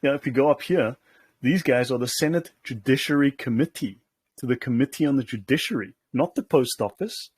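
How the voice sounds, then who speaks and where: Husky man in sardonic commentary. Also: medium pitch, brisk, a little mellow, no echo. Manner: sardonic, keeps checking in with "okay?". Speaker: host. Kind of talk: casual commentary while reading documents aloud.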